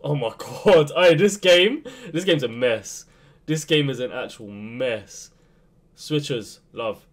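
A young man commentating his own football video game match, swinging between low muttering and sudden shouts. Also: slow pace. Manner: excitable, swings from muttering to yelling. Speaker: gaming youtuber. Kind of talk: live gameplay commentary.

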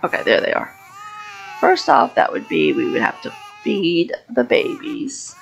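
A woman giving casual Let's Play commentary on a life-simulation game, chatting and voicing her character's reactions in quick asides. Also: lowish voice, huge pitch swings, vocal fry, slight background noise, poor audio. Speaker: gaming YouTuber.

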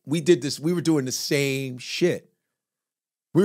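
A man telling a story on a podcast, animated and profane, acting out the quotes in a loud voice. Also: a little slow. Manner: loud, animated, profane, acts out quotes with big jumps in pitch.

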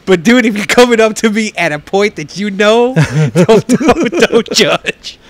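A man's voice: high voice, lively intonation, measured pace, no echo. A man with a Texan accent, a pitmaster guest in a casual chat, telling stories, swearing freely and acting out quotes. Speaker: pitmaster and restaurant co-owner, guest.

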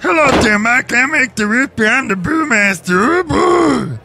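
A man voicing an excitable, eccentric root beer brewmaster who talks in a squeaky, gleeful, drawn-out way. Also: soft background music, heavily acted.

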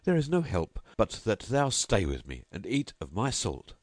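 A man playing a booming, mocking rich host. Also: wildly swooping pitch, normal speed, breathy edge, dry recording, studio quality, heavily acted. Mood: grandly insistent. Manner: grand, insistent, booming hospitality.

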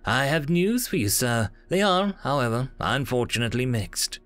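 A man voicing a polite, apologetic administrator of the afterlife, speaking gently and courteously with small hesitations. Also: mid-range voice, lively intonation, moderate pace, no echo, faint music behind, natural voice.

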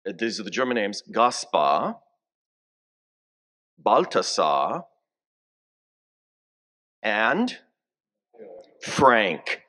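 A man's voice: lowish voice, big pitch swings, sharp tone. A man in his sixties, a bishop, giving a homily in a church, telling family stories and coaxing the congregation to repeat greetings. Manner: slow, story-telling preacher who coaxes the congregation to repeat greetings.

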